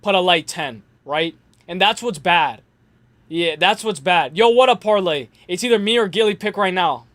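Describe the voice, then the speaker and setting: A man's voice: high voice, animated, moderate pace, fairly bright tone, dry recording. A young man hosting a casual livestream, rambling in slangy talk full of fillers and restarts. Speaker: host.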